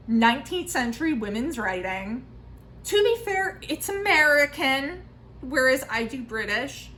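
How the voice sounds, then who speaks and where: A woman in her thirties chatting casually in a book vlog, self-mocking and full of quick asides. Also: high voice, a bit bright, a little hiss or hum, rough recording. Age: 30s. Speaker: book vlogger.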